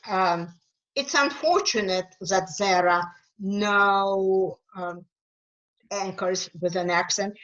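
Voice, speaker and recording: A woman with a Ukrainian accent, an author speaking as a webinar guest, answering questions earnestly and with emphasis, often pausing on fillers. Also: mid-range voice, a bit bright, dull audio. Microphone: video call.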